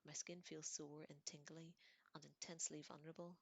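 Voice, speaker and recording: A woman giving a soft, half-whispered reading of a novel in a low-key way, with small slips. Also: level tone, fairly quick, vocal fry, slightly rough, no echo. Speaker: audiobook reader.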